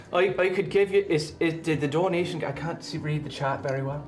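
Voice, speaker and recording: A man's voice: fairly high pitch, fairly even intonation, moderate pace. Chatty man hosting a live stream. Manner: chatty, loose, hesitant with fillers. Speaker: stream host and voice performer. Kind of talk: casual stream chat.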